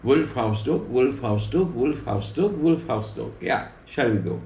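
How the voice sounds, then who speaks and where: Sri lankan guy teaching english through a story, slow and patient, echoey room. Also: medium pitch, lively intonation, a little mellow. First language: Sinhala. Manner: repeats and rephrases words patiently. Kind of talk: slow explanatory storytelling lesson. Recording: roomy echo, faint background hum.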